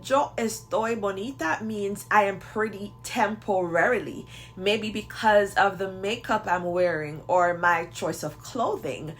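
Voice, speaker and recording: A woman with a Jamaican accent hosting a language lesson, explaining clearly and slowing down to model example phrases. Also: mid-range voice, a bit bright, slight background noise. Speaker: Spanish teacher and video host. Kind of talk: instructional video talk.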